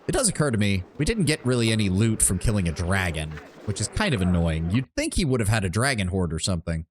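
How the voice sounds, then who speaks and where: A man's voice: on the low side, sing-song, quick pace, a little hiss or hum. Rambling man streaming a game. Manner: casual, rambling, thinks aloud, swears freely. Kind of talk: live gameplay commentary.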